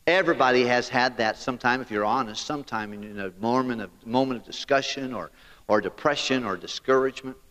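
A man preaching a sermon as pastor, animated and talking straight to his congregation. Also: mid-range voice, fairly quick, long reverb tail.

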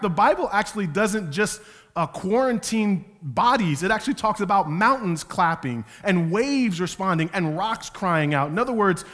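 A man preaching a sermon as a pastor, moving from quiet, slow passages to loud, emphatic ones. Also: high-pitched. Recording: long hall reverb.

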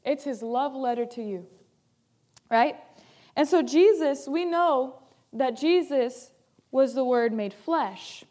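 A woman pastor preaching a sermon with emphasis, repeating key phrases and moving between loud and soft delivery. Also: high voice, slow.

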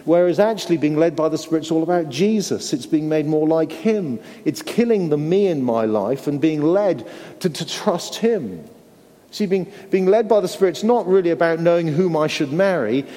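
A man's voice: on the high side, expressive, moderate pace, warm tone. A man preaching a sermon in an earnest way, often repeating words and asking his listeners tag questions. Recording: long hall reverb.

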